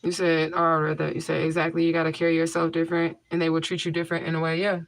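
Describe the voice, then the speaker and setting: A woman's voice: low voice, monotone, rapid-fire. Blunt woman chatting on a livestream. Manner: blunt, repeats herself for emphasis; reads out and answers viewer comments. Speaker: livestream host. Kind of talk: casual livestream chat. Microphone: homemade tissue mic filter.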